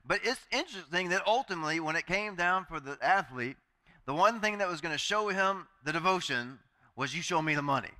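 A man's voice: high voice, lively intonation, brisk, pushed and bright. A male pastor preaching a sermon in a chatty, joking way, acting out the voices he quotes.

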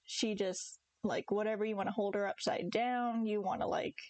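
A woman's voice: medium pitch, fairly even intonation, moderate pace, darkish tone. A young woman streaming a farming game, chatting casually and giggly with her viewers and her cats. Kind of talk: casual live-stream chat.

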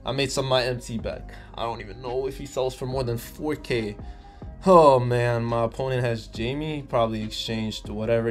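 A young man doing casual gameplay commentary for his channel, energetic and sarcastic, and he bursts into loud excitement. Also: a little high, moderate pace, faint music behind. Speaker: gaming YouTuber.

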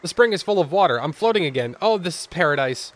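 A man voicing a gentle, grateful female lily flower in a sweet, raised voice while reading game dialogue. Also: a little high, expressive, fast talker, soft background music, voice pushed up, lightly acted.

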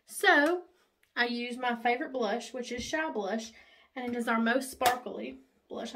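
A woman, chatting excitedly while doing her makeup in a casual vlog, gushing and chatty. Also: fairly high pitch, measured pace, gravelly, background noise. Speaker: makeup vlogger. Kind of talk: casual get-ready-with-me chat.

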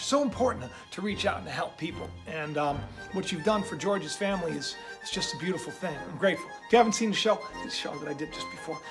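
High-voiced man rambling about conspiracies. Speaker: channel host. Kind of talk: casual conspiracy commentary.

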